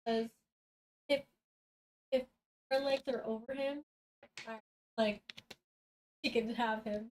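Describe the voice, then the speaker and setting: A woman's voice: a little high, fairly even intonation, takes it slowly, pauses often, slight background noise, rough recording. A woman, the streamer's sister, chatting casually in a laid-back, giggly way. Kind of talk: casual chat.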